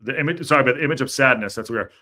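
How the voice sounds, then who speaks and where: A man hosting a live football fan show, chatting casually in a jokey way, with quick apologetic asides. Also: mid-range voice, bright, forceful tone. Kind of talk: casual live-stream chat.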